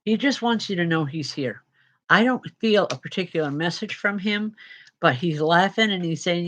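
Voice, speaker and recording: Woman, medium, tired, chatty, unhurried, restarts often. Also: fairly low pitch. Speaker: spiritual medium and reverend. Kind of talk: live spirit readings for viewers.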